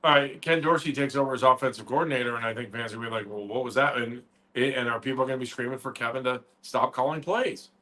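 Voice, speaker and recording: A man's voice: mid-range voice, quick pace, pushed and bright. A man co-hosting a sports radio show, rattling off points about the game and firing questions, with stammered restarts. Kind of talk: casual sports talk.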